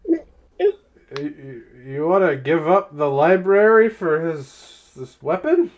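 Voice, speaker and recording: A man running a tabletop game as game master, narrating in a relaxed, chuckling way. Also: on the high side, slow.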